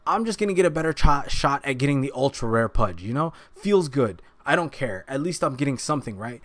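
His voice is medium-pitched, animated and fairly quick, captured on a dry recording. He's streaming from his gaming PC, launching into angry rants full of frequent cursing.

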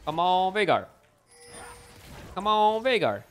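A man giving live gameplay commentary as a streamer at home, excitable and bursting into yells and laughs. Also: high-pitched, slow pace, faint music behind. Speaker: gaming streamer. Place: home room with window open.

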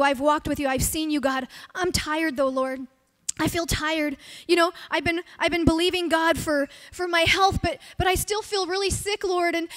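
A woman's voice: very high-pitched, steady tone, normal speed, a bit bright. A woman pastor preaching at a church service, earnestly acting out heartfelt prayers as she speaks. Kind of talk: sermon.

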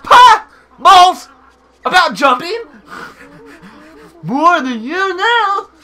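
A man voicing a peppy little male mole teacher in a high, excited, choppy way while reading game text. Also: extremely slow, heavily acted.

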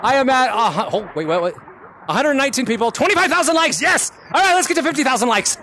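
Very high, bright, hyped male streamer. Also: animated, fast talker, a little hiss or hum. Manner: shouty, hyped, laughs a lot, repeats callouts. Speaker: VR game streamer and lobby host. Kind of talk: excited live gameplay commentary. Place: at home playing in VR.

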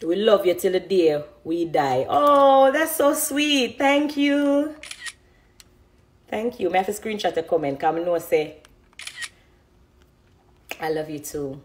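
A woman's voice: lowish voice, normal speed, pauses often, warm tone, a little hiss or hum. A woman in her thirties with a Jamaican accent, chatting on a phone live stream, reading comments and laughing often. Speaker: dancehall artist on a live stream. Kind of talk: casual live-stream chat.

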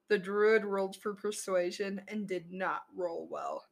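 A woman's voice: medium pitch, steady tone, unhurried, creaky. A woman podcast host telling a tabletop game story in a chatty way, laughing at her own tale.

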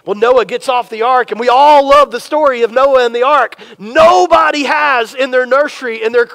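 A man preaching a sermon, telling the story in a lively way and acting out imagined dialogue. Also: very high voice. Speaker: pastor.

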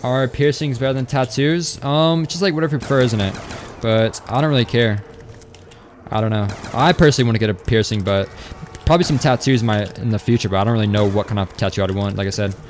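A young gaming streamer talks fast in a mid-range voice, with a little hiss or hum on the recording. As he plays live, he rambles casually and reads his chat aloud.

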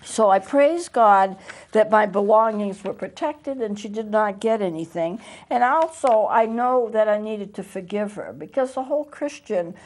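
A woman's voice: medium pitch, expressive, moderate pace, a little mellow. Woman pastor and TV host, earnest anecdotal storyteller with some faltering restarts, studio recording. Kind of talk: conversational storytelling sermon.

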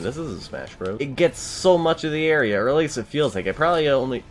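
Animated young man yelling at a game. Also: mid-range voice. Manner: excitable, yells and complains at the game. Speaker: gameplay streamer. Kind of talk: let's play commentary.

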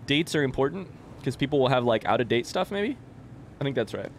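A man's voice: medium pitch, lively intonation, a little fast, slight background noise. A young man doing live let's-play commentary, chatting with viewers and reading game text aloud.

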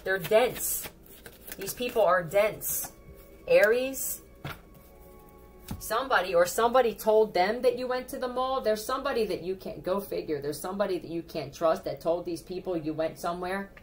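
A woman with a Philadelphia accent giving a casual tarot reading, blunt and profane, with animated warnings to her viewers. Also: mid-range voice, moderate pace, breathy edge, soft background music. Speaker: tarot reader.

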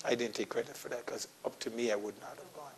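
A man pastor preaching a sermon in church, telling a personal story and acting out the dialogue, swinging from quiet asides to loud emphatic preaching. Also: mid-range voice, fast, breathy edge. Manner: storytelling, acting out his own quoted dialogue; laughs at his own story.

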